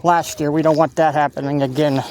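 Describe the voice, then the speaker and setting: A man walking along a riverside levee who gives casual, halting commentary, stops to offer safety tips and is a little short of breath. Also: on the high side, flat delivery, a little mellow, a little hiss or hum. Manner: rambling, halting, stops to give safety advice. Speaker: walking tour vlogger. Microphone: handheld phone camera while walking.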